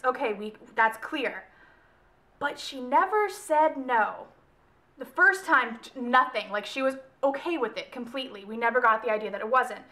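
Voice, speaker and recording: A woman's voice: sits high, bright, forceful tone. A young woman giving a casual, rambling book review vlog, often stopping to correct herself. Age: young adult. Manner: rambling, self-correcting, chatty. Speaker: book vlogger.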